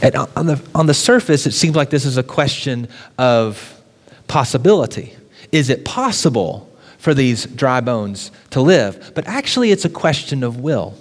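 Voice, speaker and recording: A man's voice: mid-range voice, very animated, normal speed, big-room sound. A man preaching a sermon, building with repeated questions and rising emphasis. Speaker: pastor.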